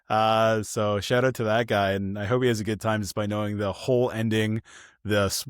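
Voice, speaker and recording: A man co-hosting a podcast, chatting casually about films and acting out the people in his stories with lively energy. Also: lowish voice, smooth, no room sound, clean studio sound. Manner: animated storytelling, acts out quoted people. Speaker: podcast co-host. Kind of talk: casual film review chat.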